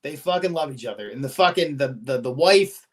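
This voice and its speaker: A man hosting a podcast, retelling an episode in casual chat with an animated, profane, storytelling manner. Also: mid-range voice, a little fast. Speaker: podcast host.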